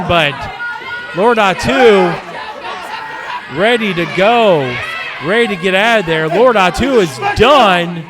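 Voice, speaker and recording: A man calling a live wrestling match play-by-play, excitable and often shouting as he gets worked up. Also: high voice. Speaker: wrestling commentator. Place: live wrestling show venue. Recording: loud crowd and music behind.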